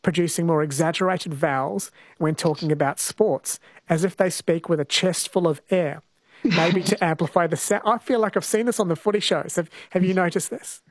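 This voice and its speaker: A radio host with a New Zealand accent talks casually and reads listener texts. His voice sits a bit high for a man. The sound is dry and close. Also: normal speed, dry recording. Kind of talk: radio talk.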